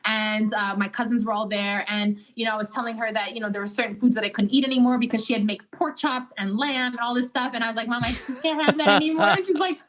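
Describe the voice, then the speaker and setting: Woman guest on a podcast, bit higher voice, chatty and animated, lots of like and you know. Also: quick pace, few pauses. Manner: animated storytelling, lively rises in pitch when excited; conversational, many fillers like "like" and "you know". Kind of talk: casual testimony in a podcast interview.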